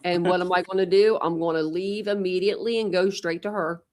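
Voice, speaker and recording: A talkative young woman chatting casually on an open panel. Her voice sits a little low, and she tells lively stories, jumping into quoted voices as she goes. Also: fast talker. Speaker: channel host.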